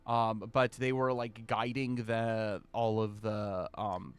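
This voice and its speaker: A man's voice: on the low side, little pitch movement, takes it slowly, clear, resonant tone, no room sound. A man narrating as game master of a tabletop game, rambling with many fillers.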